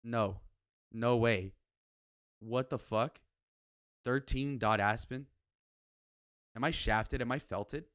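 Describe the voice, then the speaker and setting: A young man in his twenties giving casual reaction commentary, blunt, profane and quick to get worked up. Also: medium pitch, fairly bright tone, no room sound, studio quality. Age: 20s. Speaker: streamer reviewing his own speed date.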